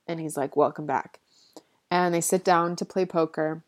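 Woman presenting a chatty book summary, slightly low voice, dry booth-like sound, talks in slang. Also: little pitch movement, normal speed, no room sound. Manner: chatty, slangy retelling with frequent "like".

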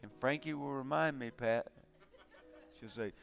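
An older man preaching as a guest speaker, telling stories in a halting way that often repeats words. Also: mid-range voice, gravelly. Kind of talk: sermon.

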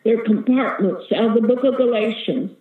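A woman's voice: on the high side, moderate pace, roomy sound, narrow, tinny audio. A woman evangelist giving an earnest, vivid testimony as a guest in an interview. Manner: earnest, vivid storytelling, calls listener sister.

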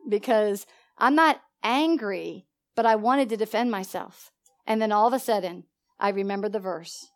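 A middle-aged woman preaching a sermon, telling a personal story with lively swings between loud and soft, and asking the congregation questions. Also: medium pitch, moderate pace.

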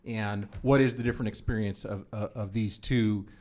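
A man's voice: lowish voice, fairly even intonation, normal speed, a little mellow. A man hosting a casual group chat, steering the talk and repeating words as he starts.

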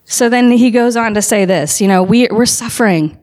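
A woman's voice: on the high side, normal speed, a little mellow. A woman preaching a sermon, telling a story with building passion and emphatic calls to her listeners.

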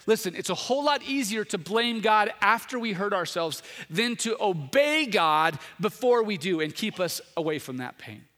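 A male pastor in his thirties delivers a sermon in a rather high voice. He talks earnestly, doubling back on his words, and now and then pushes into loud, emphatic stretches. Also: very animated, moderate pace, hardly any pauses. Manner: earnest, repetitive restarts, builds to raised emphatic passages.

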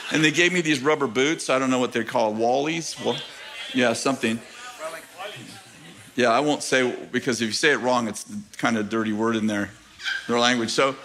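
A middle-aged man preaching a sermon to his church, animated and joking with the congregation, asking rhetorical questions. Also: mid-range voice, slight background noise. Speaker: pastor. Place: church sanctuary.

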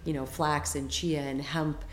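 A woman's voice: low-pitched, little pitch movement, a little slow, roomy sound, slight background noise. A woman guest on a podcast, a health coach talking in a chatty, enthusiastic way with lots of fillers. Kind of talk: casual interview chat.

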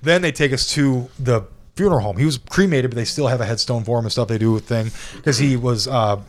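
A middle-aged man co-hosting a casual chat podcast talks at a quick clip in an ordinary mid-range voice. He spins rambling family anecdotes, peppered with swearing and restarts. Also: medium pitch. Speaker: podcast co-host.

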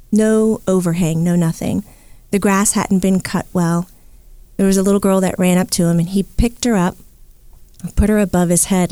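In a relaxed interview, a middle-aged psychic medium with a lowish voice recounts a story, animatedly performing the different voices within it. There's no echo on the audio.

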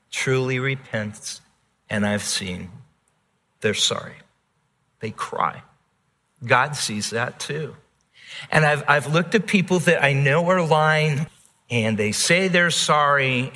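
An earnest pastor delivers a sermon, repeating key words and swinging between hushed passages and emphatic ones. His voice is bright and forward, his delivery slow and deliberate. The sound carries a long reverb, as in a church hall. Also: medium pitch.

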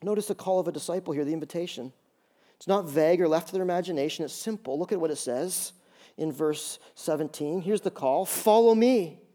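A man's voice: on the high side, fast talker, dark tone. A man preaching a sermon as pastor, emphatic, repeating phrases and acting out bits of dialogue. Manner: acts out dialogue in quotes.

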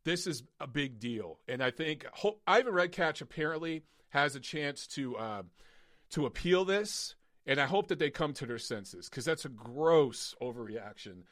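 A man's voice: medium pitch, animated, normal speed, a bit bright, dry recording, clean studio sound. Blunt ranting man, boxing show host. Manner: blunt, emphatic, profane ranting. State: losing his voice. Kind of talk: live-streamed boxing commentary rant. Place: padded soundproofed home studio.

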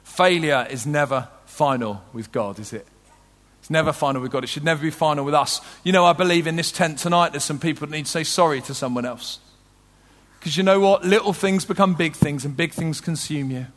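A man preaching a sermon with passion, swinging from loud urgent peaks to soft low moments. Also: a little fast, in a large hall. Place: large tent.

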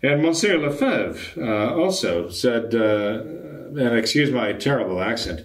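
An older man speaks as a traditionalist priest, answering a viewer's question at a steady middle pitch. He explains things patiently and pauses often to find the next word. The room around him rings with a noticeable echo. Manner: measured, explanatory, frequent hesitations. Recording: echoey room.

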